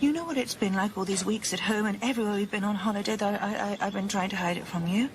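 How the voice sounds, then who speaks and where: An actress in her thirties playing an emotional grieving mother who often speaks in a breathy half-whisper in a radio drama. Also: mid-range voice, quick pace, natural voice. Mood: breathless, excited. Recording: radio broadcast with clear hiss.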